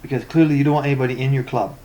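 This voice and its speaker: A tech vlogger with a steady, mid-range voice and a dark tone rants at a racing pace about poor tech support, with the highs cut off in the recording. He reads forum posts aloud, adding sarcastic, exasperated comments and stammering through many repetitions.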